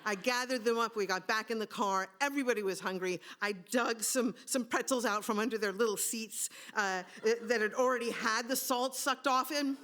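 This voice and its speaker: A woman's voice: a little high, normal speed, few pauses, a bit bright. A woman telling a personal story on stage in a wry, comic way, sometimes searching for words mid-sentence. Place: stage at a live storytelling event.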